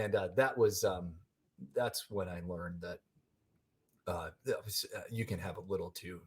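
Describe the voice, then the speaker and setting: A man, a podcast guest, telling a rambling, animated story in casual conversation. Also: lowish voice, normal speed, husky.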